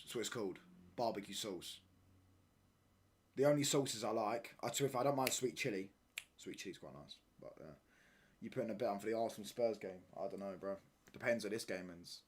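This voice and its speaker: Young guy, live watchalong streamer, slangy chat, loud when ranting. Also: fairly low pitch, husky. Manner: casual slangy banter, repeats phrases, gets loud when ranting.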